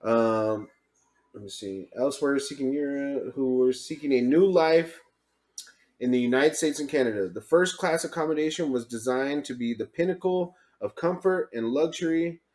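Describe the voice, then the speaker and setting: A man's voice: medium pitch, moderate pace, darkish tone. Man, podcast co-host, casual chat, reads facts aloud, stumbles and jokes. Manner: stumbling reading, joking, laughs often.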